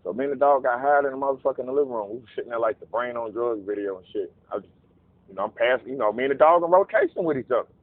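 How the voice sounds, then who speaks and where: A man telling a casual, profane story, animated and acting out voices in quotes. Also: medium pitch, racing, no room sound. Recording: narrow phone-like dry sound.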